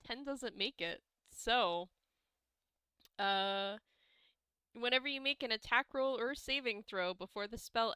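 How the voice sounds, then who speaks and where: Bright, clear woman reading game rules. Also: mid-range voice, no echo. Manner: reads rules aloud, laughs easily. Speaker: player. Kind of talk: playing a tabletop game.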